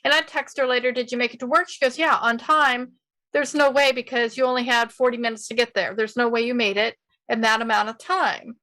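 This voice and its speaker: Bright, animated woman podcast host. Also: a little high, a little fast. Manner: animated storyteller, laughing. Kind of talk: casual interview chat.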